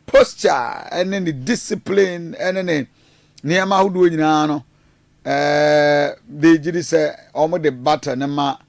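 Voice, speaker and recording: A man's voice: a little high, fairly even intonation, unhurried, gravelly, dry recording. A man hosting a radio show, talking through the news with frequent fillers and switching between English and Twi. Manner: mixes Twi into English, many fillers and restarts. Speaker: radio host. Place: radio studio.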